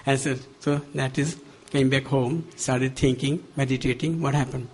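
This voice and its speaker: An older man with an Indian accent, giving a spiritual talk at a devotional center, animated and laughing often as he acts out quoted dialogue. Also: mid-range voice, normal speed, husky. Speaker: guest speaker.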